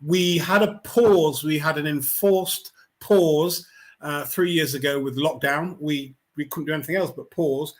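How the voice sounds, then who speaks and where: A middle-aged man from England gives a reflective talk to his online viewers. His voice sits a little higher than most men's. He speaks in an unhurried, conversational way, full of fillers and restarts. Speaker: host of a weekly online talk. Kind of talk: reflective pastoral talk to camera.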